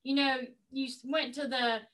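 A woman's voice: high-pitched, steady tone, moderate pace, fairly bright tone. A woman joining an online meeting, chiming in with a friendly remark. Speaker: meeting participant. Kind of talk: casual call contribution.

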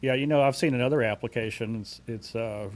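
A man in his forties, a company CEO, being interviewed and telling anecdotes in a relaxed way with frequent fillers. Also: medium pitch, fairly quick. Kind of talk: conversational storytelling.

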